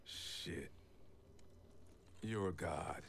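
A man's voice: low voice, drawn-out words, creaky, a little hiss or hum, full character voice. A man voicing an embittered, grizzled soldier in a video game cutscene, speaking in a bitter, weary way. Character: embittered grizzled male soldier with metal arms.

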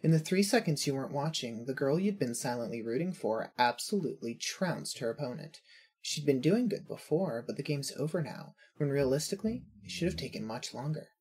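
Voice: medium pitch, animated, a little fast, darkish tone, husky. A narrator reading second-person fanfiction in a wry, observant way.

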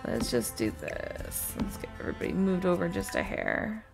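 Playing a life-simulation game, a woman gaming host casually chats to and scolds her characters in a lowish, gravelly voice whose pitch swoops wildly, at a moderate pace. Loud game music sits under her speech, along with baby cries.

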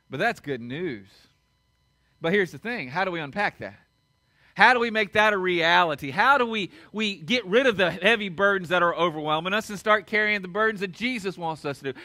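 A man's voice: high-pitched, pushed and bright, no echo. A middle-aged man with a Southern American accent preaching a sermon as pastor, earnestly repeating key lines for emphasis.

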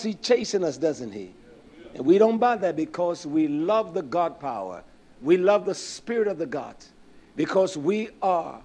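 A man preaching a sermon, swinging from low murmurs to raised, fervent passages and asking the listeners rhetorical questions. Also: a little mellow. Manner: rhetorical questions, drawn-out emphatic words.

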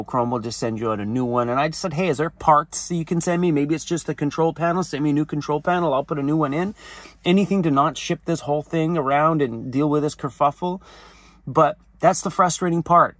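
Man, van life vlogger, animated rant, plays out both sides of calls, fairly high voice, dry close mic. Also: dry recording. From Canada. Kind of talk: casual ranting vlog. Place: inside a camper van.

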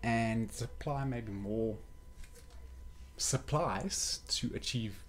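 A man's voice: medium pitch, drawn-out words, a little hiss or hum. A young man reviewing a toy kit in a casual vlog, muttering and sighing with exasperation as he paints.

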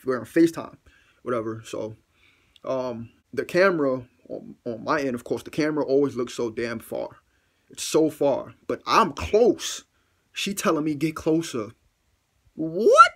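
A man with a husky, slightly rough voice tells a storytime vlog, sitting squarely in the middle of the male pitch range. He talks in an excitable, profane rush and circles back to repeat his lines for effect. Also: normal speed. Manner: excitable, swearing, repeating himself. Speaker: vlogger.

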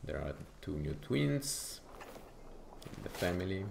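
A man's voice: deep voice, sing-song, measured pace, gravelly, echoey room, background noise. A man from Italy with an Italian accent, thinking aloud with frequent fillers as he comments on his strategy game playthrough. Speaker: gaming YouTuber.

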